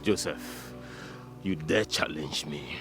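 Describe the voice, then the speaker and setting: A man's voice: extremely low pitch, slow pace, faint music behind. A Nigerian man playing a menacing older brother who threatens and mocks his sibling. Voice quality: threatening, mocking. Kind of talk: Nollywood film acting.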